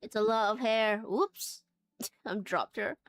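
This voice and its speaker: A woman's voice: medium pitch, slow. A woman chatting casually while sewing on a live stream, laughing often and greeting her chat by name.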